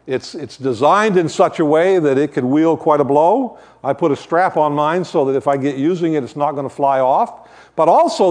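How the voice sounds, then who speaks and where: A man's voice: a little high, a little mellow. An older man giving a sermon as a guest preacher, talking in a conversational way with joking asides while he shows shepherd props.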